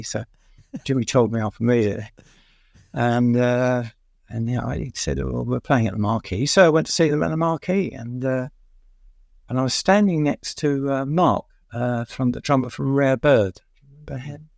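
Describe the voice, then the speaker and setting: An older man from England recounts stories as an interview guest, his voice gravelly and fry-edged. He rambles with many fillers and chuckles at his own tales. The sound is dry and close. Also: medium pitch, moderate pace, a little mellow, no room sound. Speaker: music journalist guest. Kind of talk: anecdotal interview storytelling.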